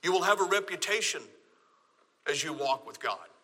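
Man, Texan accent, pastor, bright ringing tone, long hall echo. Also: fairly high pitch, expressive, moderate pace. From Texas. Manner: emphatic preaching, repeats phrases. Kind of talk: sermon.

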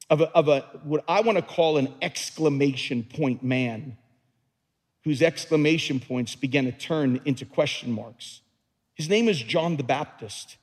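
A man pastor preaching a dramatic sermon in a church, dropping to hushed tones and climbing to shouts. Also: a little high, slightly rough, big-room sound.

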